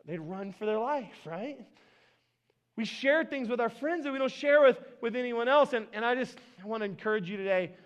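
Man, pastor, high-pitched, casual sermon, repeats words, restarts often, church, worn mic. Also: expressive, moderate pace. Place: church sanctuary. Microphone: worn microphone.

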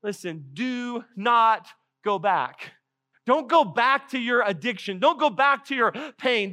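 A middle-aged male pastor preaching a sermon, animated, acting out quotes and laughing often. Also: extremely high pitch.

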